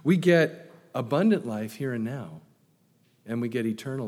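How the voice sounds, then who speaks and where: A man preaching a sermon, asking rhetorical questions and swinging between loud emphatic lines and hushed ones. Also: medium pitch, animated, moderate pace, in a large hall. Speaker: pastor.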